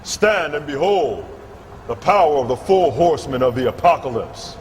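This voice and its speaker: A man's voice: a little high, animated, normal speed, slight background noise, voice pushed up, close to an everyday voice. A man voicing a grandiose, menacing overlord commanding peasants, in a demo-reel clip.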